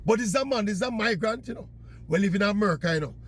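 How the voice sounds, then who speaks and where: A man's voice: high voice, lively intonation, racing, breathy edge. A man from Jamaica with a Jamaican accent, chatting in patois as he tells a casual story. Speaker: vlogger.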